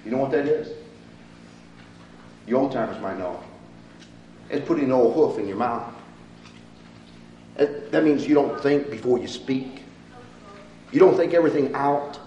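A man preaching a sermon, swinging from loud, emphatic rises to quiet, low asides. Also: a little hiss or hum. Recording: echoey room with faint ambience.

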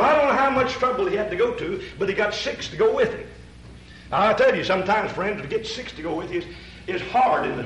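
Folksy high-voiced preacher in a roomy hall. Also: male voice, a bit bright, a little hiss or hum. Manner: folksy, conversational, asks the congregation rhetorical questions. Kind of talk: sermon.

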